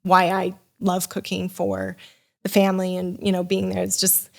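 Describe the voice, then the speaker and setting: A woman's voice: on the low side, moderate pace, vocal fry. Chatty woman telling a rambling story. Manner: animated, rambling with many restarts and fillers; acts out quoted voices in her story. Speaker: podcast guest. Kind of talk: casual storytelling.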